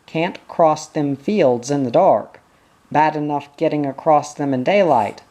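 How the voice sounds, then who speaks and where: A reader voicing weary, flat-toned tiny father. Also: medium pitch, unhurried, lightly acted. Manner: flat, expressionless, tired. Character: weary, stubborn tiny old man, father. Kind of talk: audiobook character reading.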